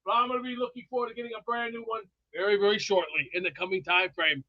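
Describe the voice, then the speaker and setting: Very high-voiced, blustering trash-talking man. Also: fairly even intonation, fast talker, no echo, muffled recording. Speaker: show regular. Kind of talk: brash trash-talking banter.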